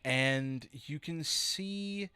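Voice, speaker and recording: A man running a tabletop game as dungeon master, narrating scenes in a measured, playfully teasing way. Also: a little high, bright, forceful tone, clean tone, dry recording.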